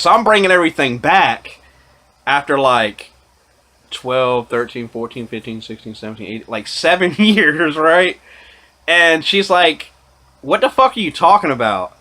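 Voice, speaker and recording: A man's voice: medium pitch, pushed and bright. Profane rambling man telling a story. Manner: profane, rambling, many fillers and restarts. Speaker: vlogger.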